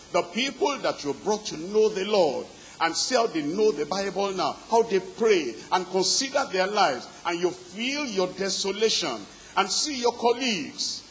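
A preacher with a notably high voice delivers his sermon in rolling, repetitive phrases that build and stack on one another. He presses his congregation with steady exhortation, and a faint hiss sits under the recording. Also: rough recording.

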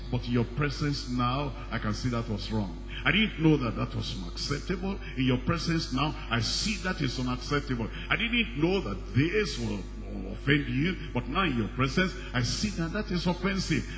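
A man preaching a sermon with emphasis, repeating phrases and rising in pitch and volume as he presses his points. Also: fairly bright tone. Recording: reverberant hall with faint background noise.

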